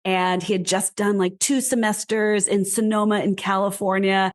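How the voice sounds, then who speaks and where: Woman from the US, casual interview guest, chatty, laughing often, mid-pitched voice. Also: normal speed. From United States. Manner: animated, laughing, heavy use of "like". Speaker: guest, whisky brand founder.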